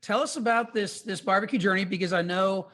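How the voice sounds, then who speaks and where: Upbeat bright-voiced podcast host man. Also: high-pitched, a little fast. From US Midwest. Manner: upbeat, enthusiastic. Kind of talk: podcast interview.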